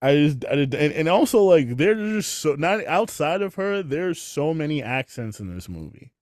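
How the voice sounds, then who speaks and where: A man's voice: on the high side, sing-song, moderate pace, a little mellow, no room sound, clean studio sound. A man hosting a podcast, chatting casually and animatedly, swearing freely and laughing often. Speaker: podcast host. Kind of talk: casual chat.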